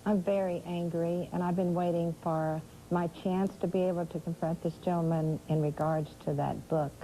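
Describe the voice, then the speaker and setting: An older woman speaking as a guest on a live TV interview, aggrieved and halting, often restarting her sentences. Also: on the low side, steady tone, warm tone, slight background noise, poor audio.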